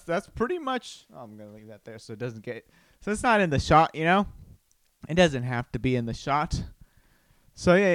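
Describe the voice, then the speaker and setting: A man's voice: mid-range voice, fairly bright tone, clean tone, no echo. A man hosting a casual solo podcast from home, rambling and playful, breaking into silly voices and exclamations. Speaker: podcast host, comedian. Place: home room. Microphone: studio microphone.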